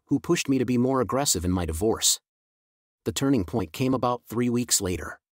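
A middle-aged man giving a scripted first-person story narration in an even, steady way. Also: on the low side, no echo, clean studio sound.

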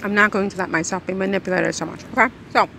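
Brief: woman vlogger, chatty and rambling, mid pitch, a bit of vocal fry, faint noise behind. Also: fairly even intonation, fast, pushed and bright. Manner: chatty, rambling, talks while eating. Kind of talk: casual chat to camera. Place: outdoors in hot weather.

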